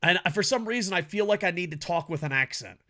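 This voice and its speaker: A man co-hosting a podcast in casual chat, loud and laughing, swearing through fast banter. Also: high voice, expressive. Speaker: podcast co-host.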